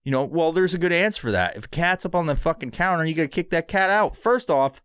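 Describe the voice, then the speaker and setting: A man's voice: on the high side, lively intonation, fast, few pauses, a bit bright, clear, resonant tone, no echo. A man hosting a solo podcast from a studio, rambling and swearing through a sponsor read. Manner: rambling, profane, sarcastic. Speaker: podcast host.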